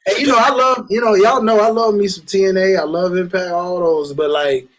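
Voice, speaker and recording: A laid-back man joins a casual wrestling review chat, laughing often and drawing out his quotes. His voice sits a bit higher than most men's. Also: fairly even intonation, brisk, low-quality recording. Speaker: podcast guest.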